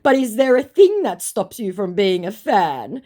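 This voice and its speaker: A woman's voice: mid-range voice, big pitch swings, measured pace, warm tone, voice pushed up. A woman voicing a pushy male scammer who poses as a celebrity, in a mock-sweet, wheedling manner.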